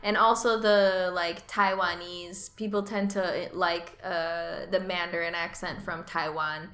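A woman's voice: fairly low pitch, level tone, unhurried, a bit bright. A woman co-hosting a casual chat about learning Mandarin. She is chatty and laughs often. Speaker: podcast co-host. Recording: roomy echo.

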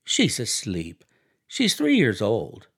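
A man's voice: fairly low pitch, huge pitch swings, slow, breathy edge, heavily acted. A man voicing a wistful young society wife who talks in a breathless, effusive, theatrical way. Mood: chattering.

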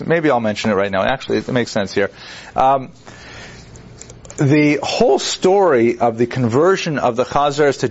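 Man lecturing, lo-fi classroom recording. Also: medium pitch. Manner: digressive, conversational, with many fillers and restarts; acts out quoted figures with wry humor. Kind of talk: university lecture.

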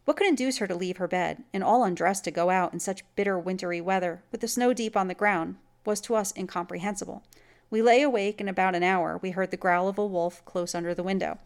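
A woman reads a classic tale aloud in a measured, even manner. Her voice has a gravelly fry to it. The delivery stays steady throughout. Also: mid-range voice. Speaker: story reader. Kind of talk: audiobook story narration.

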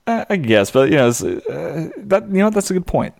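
A man's voice: fairly high pitch, sing-song, moderate pace, vocal fry, darkish tone. A man co-hosting a podcast, recapping a TV episode in a rambling way, full of fillers, acting out quotes. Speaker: podcast co-host. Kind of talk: casual chat recapping a TV episode.

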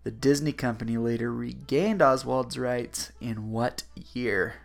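A man's voice: medium pitch, fairly even intonation, measured pace, creaky. A man co-hosting a casual podcast, joking and playful as he asks trivia questions. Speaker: podcast co-host. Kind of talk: casual chat.

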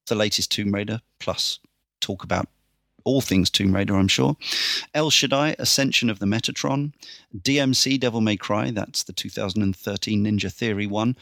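A male podcast host with a low, gravelly voice, chatty and brisk as he runs through a list with dry asides. He sounds close to the mic in a dead, dry room. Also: fairly bright tone, no room sound. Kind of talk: casual podcast wrap-up.

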